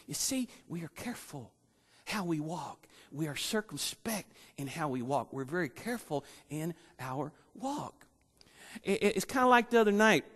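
A man preaching a sermon, telling personal stories in an animated way and acting out the voices he quotes. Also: high-pitched, quick pace, big-room sound. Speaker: lay preacher and schoolteacher.

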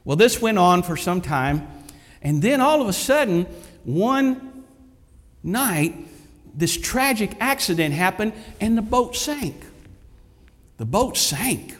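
Preacher man, tells stories, repeats stuff, kinda high voice, echoey hall. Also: sing-song, takes it slowly, long pauses. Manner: repetitive, storytelling, emphatic. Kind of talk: sermon.

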